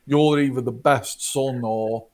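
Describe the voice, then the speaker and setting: A man's voice: medium pitch, steady tone, unhurried. A man narrating as game master, who often repeats words and laughs.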